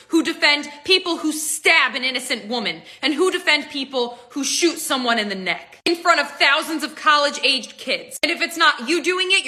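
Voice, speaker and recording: A woman lectures straight to camera in a high, bright, sharp voice. She is indignant and emphatic, hammering every point. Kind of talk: political rant to camera.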